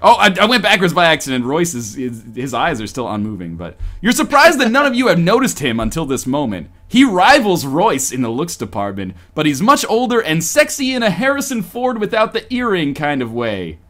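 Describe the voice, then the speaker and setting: A man's voice: on the high side, brisk, few pauses. A man co-hosting a podcast, reading a romance story aloud with joking asides. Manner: animated, breaks off for joking asides. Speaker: podcast co-host.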